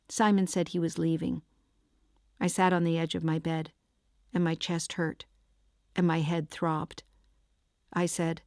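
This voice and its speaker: A woman's voice: on the low side, little pitch movement, unhurried, darkish tone, no room sound, clean studio sound. Wry woman audiobook narrator. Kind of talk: first-person audiobook narration.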